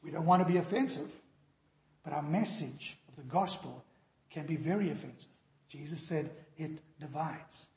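High-voiced pastor in an echoey hall. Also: male voice, normal speed, gravelly. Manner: animated storytelling, emphatic preaching. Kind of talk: sermon.

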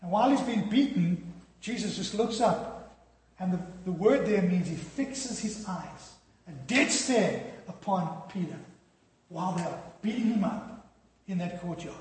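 A man's voice: high-pitched, expressive, unhurried, darkish tone, a little hiss or hum. A man preaching a sermon in a storytelling way, with dramatic drops in volume. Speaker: pastor. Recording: echoey hall reverb.

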